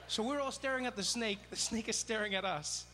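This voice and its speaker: A man doing stand-up comedy, telling a story in an animated way and acting out the people in it. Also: high-pitched, a little fast, crowd noise, background noise. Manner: animated, acts out characters.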